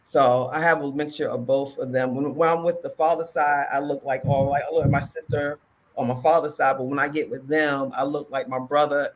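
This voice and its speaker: Talk-show woman, lively storyteller, speaks, voice climbs high in quotes. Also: fairly quick, poor audio. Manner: animated storyteller, acts out quotes loudly. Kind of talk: casual chat.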